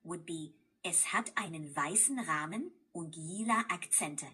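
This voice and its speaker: A synthetic woman's voice leads a guided language lesson. She speaks slowly in a very husky, low-pitched tone. She is patient and encouraging throughout. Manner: patient, encouraging, even-paced. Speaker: language tutor assistant.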